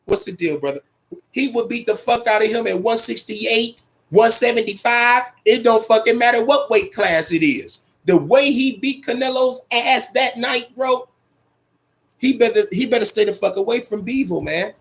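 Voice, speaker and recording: Male boxing host with a raspy, high-pitched voice; swears freely and hammers his points home. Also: normal speed. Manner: profane, emphatic, repeats himself. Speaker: boxing talk show host. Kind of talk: casual boxing commentary rant.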